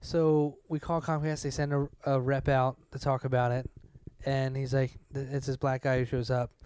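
Exasperated young man ranting, smooth voice. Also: mid-range voice, level tone, moderate pace, a little mellow. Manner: exasperated, swearing, acts out quotes. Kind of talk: casual chat, ranting story.

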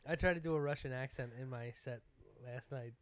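A man's voice: medium pitch, fairly quick, clean tone, no echo. A man from the United States, a comedian, in casual joking chat with loose, profane talk.

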